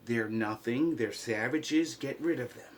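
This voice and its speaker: Slow, impassioned man rambling to camera. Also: medium pitch, a little hiss or hum. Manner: impassioned, swings from quiet to loud. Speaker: vlogger. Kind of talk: rambling monologue.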